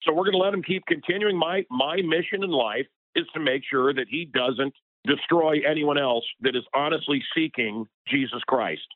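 A man with a higher-than-average voice speaks at a moderate pace as a radio personality guesting in a heated interview, getting more and more worked up. The audio is dry and has a tinny phone-line sound.

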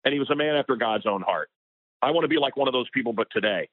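A man's voice: medium pitch, animated, quick pace, no room sound. A man, a radio personality, talking as a guest in an interview, impassioned and getting worked up as he speaks. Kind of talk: heated interview conversation. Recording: tinny phone line.

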